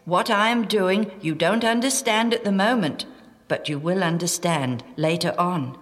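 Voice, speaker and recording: A woman reading a calm, gentle teacher. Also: lowish voice, in a large hall, close to an everyday voice. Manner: calm, measured.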